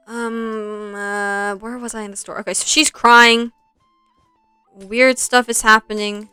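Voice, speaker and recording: Bright-voiced young woman streamer rambling. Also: a little high, a little slow, clear, resonant tone, no room sound, faint music behind. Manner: rambling, easily sidetracked, animated retelling. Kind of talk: casual storytelling while streaming.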